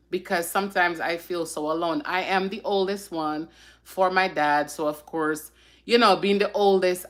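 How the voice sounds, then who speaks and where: A woman hosting a casual live stream, speaking in a heartfelt, emotional and reflective way, often pausing with sighs and fillers. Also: sits low, a bit bright.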